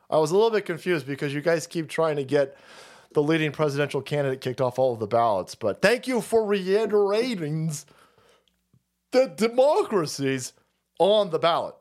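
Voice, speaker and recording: A man's voice: a little high, animated, moderate pace, a little mellow. A man hosting a stream who rants about politics in a sarcastic, mocking, foul-mouthed way. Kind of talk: profane political rant.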